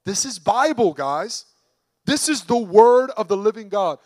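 A man's voice: high voice, lively intonation, normal speed, dry recording. A man preaching a sermon in an emphatic, conversational way, putting rhetorical questions to the congregation.

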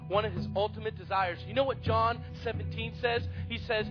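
A man's voice: high voice, steady tone, fairly quick, hardly any pauses, highs cut off, music in the background. A pastor preaching passionately, telling a story and urging his congregation to follow along. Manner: impassioned, calls out to the congregation. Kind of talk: emotional sermon storytelling.

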